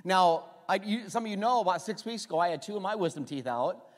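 A man preaching a sermon as a pastor, telling stories in a lively way and having the congregation repeat phrases after him. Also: sits high, fast. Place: church sanctuary. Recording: long reverb of a church hall.

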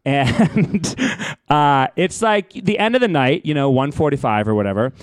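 A man's voice: on the high side, lively intonation, moderate pace, dry recording, studio quality. A man co-hosting a casual comedic podcast, telling a story in a rambling way with lots of fillers. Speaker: podcast co-host.

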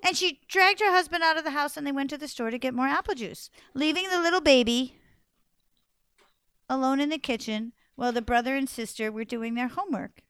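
A woman telling a funny traditional story with expressive delivery and dramatic pauses. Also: high-pitched, clear, resonant tone, no echo. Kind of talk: animated storytelling.

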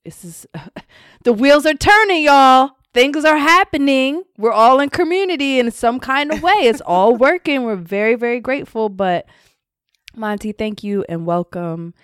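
A woman hosts a casual podcast chat, running through playful shout-outs to the people who help the show. Her voice sits a little high and comes through smooth and clear. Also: measured pace, no echo, clean studio sound. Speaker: podcast co-host.

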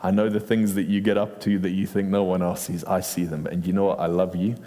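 A man voicing a gentle, loving Jesus who speaks softly and tenderly, recorded in a large hall with a long echo. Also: low-pitched, little pitch movement, a little fast, pitched below the performer's own voice, natural voice.

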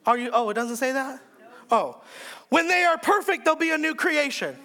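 A male pastor preaching a sermon in an emphatic style, repeating phrases and swinging between shouts and hushed lines. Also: very high-pitched, animated, moderate pace, creaky.

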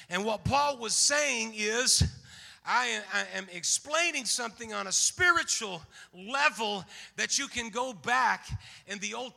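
A man preaching a sermon in a church, rising from steady teaching into fervent shouted exhortation. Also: sits high, vocal fry. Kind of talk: Pentecostal-style sermon. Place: church sanctuary. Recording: long hall reverb.

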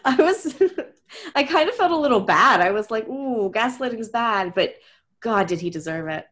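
A woman's voice: a little high, expressive, moderate pace, a bit bright. A woman in casual chat, blunt and wisecracking, swearing freely as she reacts to a story. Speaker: podcast co-host.

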